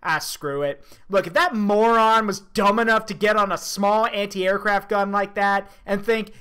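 A man's voice: high voice, fairly even intonation, unhurried, hardly any pauses, bright, forceful tone, smooth. A man reacting to a video on a stream, chatting casually, laughing and rambling with casual swearing.

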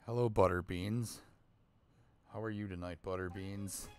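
A man's voice: low-pitched, steady tone, measured pace, clear, resonant tone, faint music behind. A man who is a gaming dad, giving profane, grumbling let's play commentary on a video game. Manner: swears a lot, grumbles at the game. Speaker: gamer dad.

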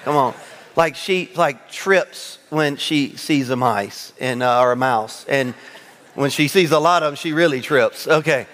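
A male pastor preaching a sermon to his congregation, telling funny personal stories with lively, self-mocking humor. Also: mid-range voice, a little slow, long reverb tail. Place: large church sanctuary.

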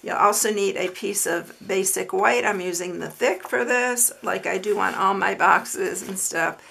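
A woman's voice: mid-range voice, measured pace, vocal fry, sharp tone, husky. A woman hosting a papercraft tutorial, chatting casually, repeating herself and dropping fillers as she shows her work. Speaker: papercraft channel host.

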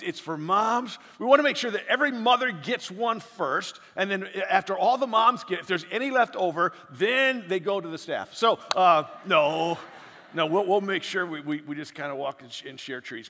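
A man's voice: fairly high pitch, bright, forceful tone. A male pastor gives informal announcements and introduces a guest speaker, often restarting his words. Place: church sanctuary. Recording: long hall reverb of a church.

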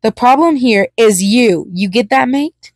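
A woman's voice: on the high side, animated, a little slow, no echo, studio quality. Woman doing a stern angry young man. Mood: furious. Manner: stern, retorting.

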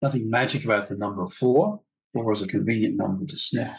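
A breathy, husky man with a lowish voice guides a breathing class in a calm, soothing way. The recording is dull and lo-fi. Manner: calm, slow, soothing instruction. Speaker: breathwork teacher.

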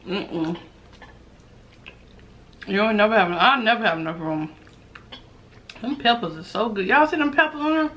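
A woman's voice: medium pitch, animated, normal speed, pauses often, fairly bright tone, highs cut off. A young woman hosting a casual eating vlog, teasing and talking between bites. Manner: loose, teasing, talks while eating, drawls. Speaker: mukbang channel host.

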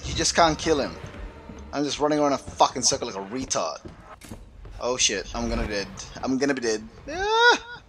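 A man's voice: mid-range voice, fairly quick, a little hiss or hum. A man playing a horror game and commenting live, swearing constantly and yelping in panic. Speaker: let's play gamer.

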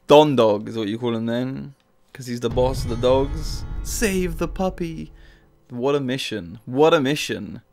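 Profane, excitable man gaming. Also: mid-range voice, normal speed, vocal fry. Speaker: gameplay commentator. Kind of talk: casual gameplay commentary. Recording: game music playing behind the voice.

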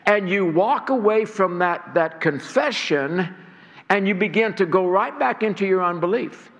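A pastor preaches an earnest, stirring sermon to his congregation in a church sanctuary, often repeating words as he builds. His high, expressive voice is fairly bright and a little slow, with long hall reverb in the recording.

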